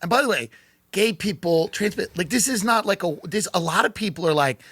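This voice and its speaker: A man's voice: high voice, animated, brisk, pushed and bright, breathy edge, no room sound. A man hosting an interview, chatty and self-deprecating, telling stories in casual conversation. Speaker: interview host.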